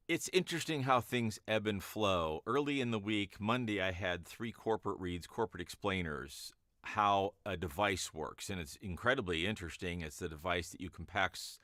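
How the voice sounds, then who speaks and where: A man who works as a voice-over artist, chatting casually and rambling in a vlog, lifting his voice brightly on greetings, recorded on a studio microphone in his home broadcast studio. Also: low-pitched, no echo.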